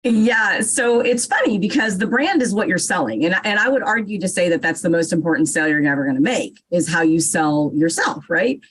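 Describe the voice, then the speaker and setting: A woman's voice: on the low side, lively intonation, fairly quick, few pauses, husky, low-quality recording. A woman guest author on a podcast, explaining her ideas in an encouraging way. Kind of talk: casual interview chat.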